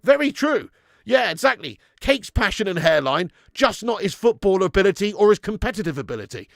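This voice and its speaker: Sweary gravelly-voiced football fan host. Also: male voice, high voice, a little fast, no echo, clean studio sound. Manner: sweary, animated, reads viewer messages aloud. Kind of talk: live football watch-along chat.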